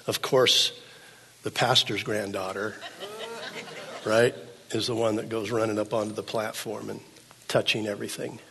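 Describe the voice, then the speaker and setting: An older man preaching a sermon as pastor, swinging from hushed, low passages to loud, pleading ones. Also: level tone, normal speed, gravelly, pauses often. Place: church sanctuary. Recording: long hall reverb.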